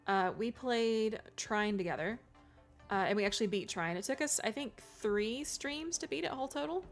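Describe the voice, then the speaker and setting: A woman's voice: on the high side, expressive, normal speed, faint music behind. A woman streamer chatting casually with her live chat, giggly and self-deprecating, often restarting her words. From California.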